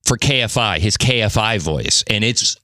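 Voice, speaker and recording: A man's voice: fairly low pitch, lively intonation, moderate pace, sharp tone, dry recording. A man hosting a podcast in casual interview chat, playful and teasing. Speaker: podcast host.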